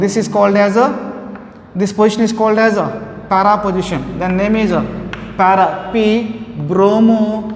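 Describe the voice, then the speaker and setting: Indian English male lecturer with a high voice, slow and repetitive, recorded in a roomy classroom with long reverb. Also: darkish tone. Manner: slow, repetitive explanation with many fillers. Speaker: chemistry lecturer.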